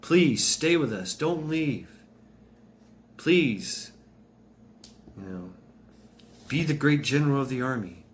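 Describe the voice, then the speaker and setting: A man's voice: mid-range voice, lively intonation, slow, long pauses, voice pushed up. A man voicing a warrior's dead parents, pleading with their son to stay. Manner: pleading, begging.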